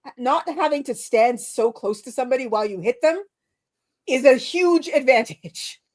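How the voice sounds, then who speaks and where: A woman co-hosting a live stream in casual chat, excitable and quick to jump into high exclamations. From born on a British island. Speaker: co-host.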